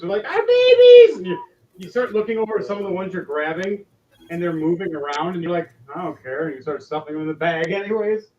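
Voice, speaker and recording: A man narrating as game master in a relaxed, chuckling way. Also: on the high side, a little hiss or hum. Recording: distant, dull roomy mic.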